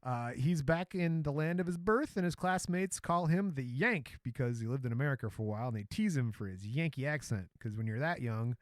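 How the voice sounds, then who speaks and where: A man's voice: mid-range voice, expressive, a little fast, few pauses, no echo, studio quality. A man from Michigan co-hosting a podcast, telling a story in a casual, joking way. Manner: joking, storytelling, laughs often. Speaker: podcast co-host.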